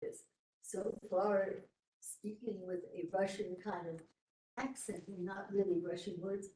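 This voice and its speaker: A woman testifying as an expert witness under cross-examination, speaking haltingly and often trailing off mid-sentence. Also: medium pitch, steady tone, dark tone, slight background noise. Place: courtroom. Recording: echoey courtroom audio from far off.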